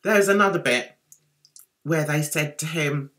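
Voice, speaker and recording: A woman's voice: low voice, a little slow, pauses often, fairly bright tone, soft background music. A British woman vlogging, gossiping sarcastically with chatty asides. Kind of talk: gossipy commentary vlog.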